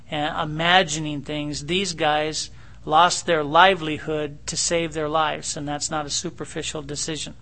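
A man preaching a sermon in a bright, fairly high voice. He keeps it conversational and animated, slipping in teasing asides. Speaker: pastor.

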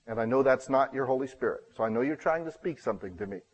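A man preaches from the pulpit in an earnest storytelling manner, acting out each line of dialogue and poking fun at himself. His voice sits at an ordinary middle pitch and swells to loud, emphatic bursts. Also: lively intonation, quick pace, breathy edge, muffled recording. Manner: earnest, self-deprecating storyteller who acts out dialogue. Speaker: pastor. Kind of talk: storytelling sermon.

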